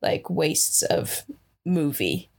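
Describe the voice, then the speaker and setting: A woman co-hosting a casual chat, animated and blunt with her opinions, often breaking into laughter. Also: low-pitched, drawn-out words, vocal fry.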